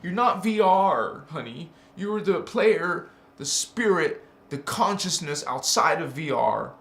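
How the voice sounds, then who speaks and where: A man's voice: fairly high pitch, animated, takes it slowly, a bit bright. A man hosting a spiritual channel, talking casually and playfully, laughing often and calling the listener honey. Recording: roomy echo.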